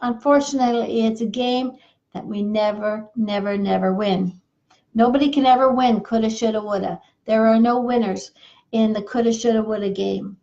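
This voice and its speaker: A woman's voice: a little high, fairly even intonation, normal speed, gravelly, mellow, dull audio. A woman coaching couples in an earnest, repetitive, folksy monologue while losing her voice. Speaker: marriage coach. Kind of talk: advice monologue.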